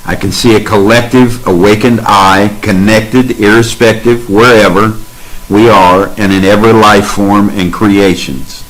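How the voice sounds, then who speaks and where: Slow, emphatic man preaching affirmations. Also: fairly low pitch, steady tone, a bit bright, rough recording. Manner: slow, emphatic, repeats affirmations in rhythmic lists. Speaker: speaker in a spiritual sharing session. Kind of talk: spiritual testimony and exhortation.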